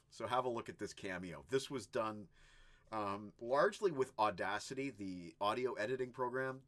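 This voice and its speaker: Animated man telling record store stories. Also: on the low side. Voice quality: animated, chatty storyteller who does little sound effects. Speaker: host of a rock music video channel. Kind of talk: casual storytelling vlog.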